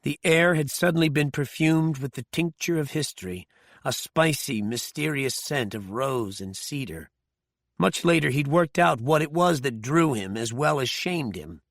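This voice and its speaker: Male audiobook narrator, gravelly, dry close studio sound, measured thriller reading. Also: medium pitch, animated, a bit bright, dry recording.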